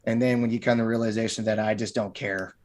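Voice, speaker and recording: A man's voice: lowish voice, fairly even intonation, fast, darkish tone. A middle-aged man, a martial arts gym owner and podcast guest, talking casually and rambling, often repeating words and restarting.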